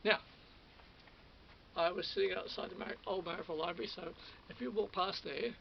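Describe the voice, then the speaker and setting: A vlogger, still worked up on adrenaline, tells a rambling personal story to camera, repeating himself, restarting often and quoting others. His high-pitched voice is creaky and a little fast. It's captured on a camera or phone mic, with lo-fi audio and faint hiss.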